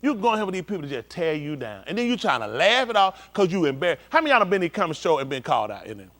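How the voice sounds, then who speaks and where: Male preacher, high and lively voice, informal sermon with shouted bursts. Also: very fast. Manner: animated, shouting bursts, acts out scenes. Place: synagogue hall.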